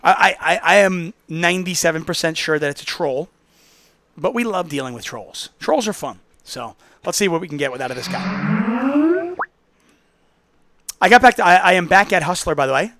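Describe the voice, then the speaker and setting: A man's voice: high-pitched, animated, moderate pace, long pauses, a bit bright, a little hiss or hum. A man hosting a casual call-in poker podcast, telling stories in a chatty, rambling way. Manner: chatty, storytelling, self-interrupting. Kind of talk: casual solo call-in show talk.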